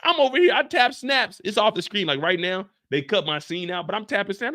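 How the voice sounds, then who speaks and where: A man hosting a live after-show stream, ranting loudly and profanely straight to his chat. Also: high-pitched, animated, brisk, hardly any pauses, dry recording, clean studio sound.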